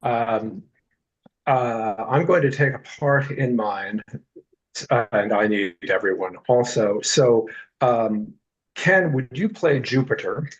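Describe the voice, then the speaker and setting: A man's voice: medium pitch, lively intonation, slow pace, dull audio. A man, a playwright, rambling wryly while assigning roles, with many ums. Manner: rambling, wry, many fillers. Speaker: playwright casting readers. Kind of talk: casual chat on a video call.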